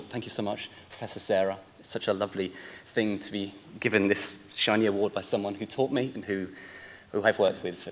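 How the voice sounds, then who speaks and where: A man's voice: on the low side, a little hiss or hum. A man in his forties giving a chatty, self-deprecating acceptance speech, a little emotional and rambling. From England. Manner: chatty, jokey, rambling with restarts. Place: large ceremony hall. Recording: long hall reverb.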